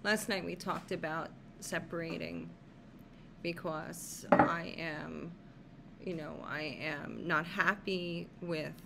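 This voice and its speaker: Brief: lower-voiced woman caregiver, shaken and worried, halting video-diary talk, faint room hum behind. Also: gravelly. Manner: halting, repeats herself, many fillers. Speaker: caregiver to her husband.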